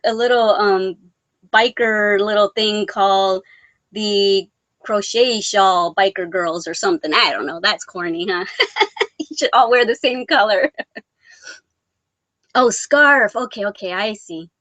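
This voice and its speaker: A woman's voice: mid-range voice, fairly bright tone, dry recording. Giggly chatty woman live-streaming. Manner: chatty and giggly, laughs often; rambling with many restarts and fillers. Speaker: vlogger hosting a live crochet chat. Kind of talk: casual live-stream chat reading viewer comments.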